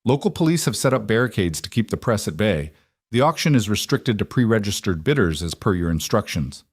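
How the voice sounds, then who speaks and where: A man's voice: fairly low pitch, sing-song, a little fast, husky. A man reading the lines of a formal, businesslike royal bodyguard.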